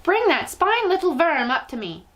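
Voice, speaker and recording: Woman doing a shrill cruel witch queen. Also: big pitch swings, normal speed, exaggerated voice. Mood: furious. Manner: shrill shouted commands. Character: cruel screeching female witch leader.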